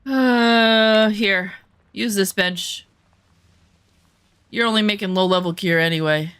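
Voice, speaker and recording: A woman's voice: fairly low pitch, measured pace, a bit bright, clean tone, no room sound. A woman streaming a survival game, chatting casually and jokingly with her viewers, swearing freely and poking fun at herself. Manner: self-mocking, easily flustered. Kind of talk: casual gameplay chat with viewers.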